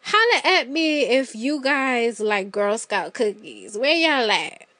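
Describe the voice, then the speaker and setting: A woman's voice: on the high side, big pitch swings, slow pace, bright, forceful tone, no echo. A woman hosting a podcast solo, chatting playfully and telling stories straight to her listeners. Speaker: podcast host. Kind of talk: casual solo podcast chat.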